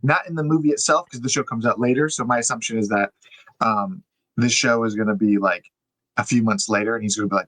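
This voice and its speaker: A young man talks through a podcast in a loose, chatty way, leaning on "like" and "uh" as he explains. His voice sits at an ordinary middle pitch. It is recorded dry and close, with no room sound. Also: fast, dry recording, low-quality recording. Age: young adult. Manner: chatty, lots of fillers, animated explaining. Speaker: podcast co-host. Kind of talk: casual podcast chat.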